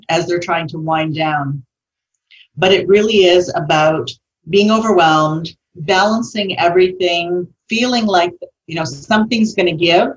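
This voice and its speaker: Woman co-host, relaxed conversational talk, lowish voice, distant from mic. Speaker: podcast co-host. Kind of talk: podcast hosting. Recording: dull audio, distant from mic.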